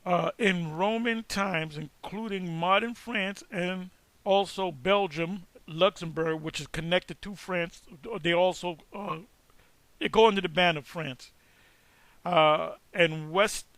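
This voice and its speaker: A man giving a casual online lecture, reacting to search results in an emphatic, halting way with many restarts. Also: high-pitched, a bit bright, dry recording. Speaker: online teacher.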